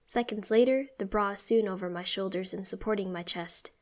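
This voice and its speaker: A woman reading a story aloud in first person with a steady, expressive delivery. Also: mid-range voice, normal speed, hardly any pauses. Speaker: story narrator.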